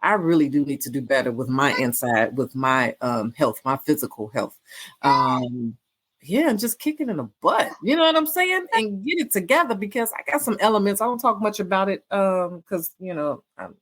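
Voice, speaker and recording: Low-voiced woman podcast host, warmly encouraging. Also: expressive, moderate pace. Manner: warm, repetitive, faith-filled encouragement with many fillers. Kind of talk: casual podcast sign-off.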